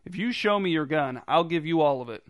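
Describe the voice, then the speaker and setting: A man's voice: a little high, animated, fairly quick, no echo, highs cut off, natural voice. A man voicing a blunt middle-aged street mugger who speaks curtly and matter-of-factly. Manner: curt, matter-of-fact.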